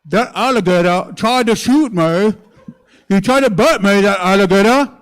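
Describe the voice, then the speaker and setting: A loud Cajun alligator hunter drawls with his mouth wide open in a thick Louisiana accent, as a comedian puts him on. He declaims stiffly, as if reciting a dramatic speech. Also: sits high, normal speed, smooth, voice pushed up, lightly acted. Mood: boastful. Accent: Louisiana Cajun (put on).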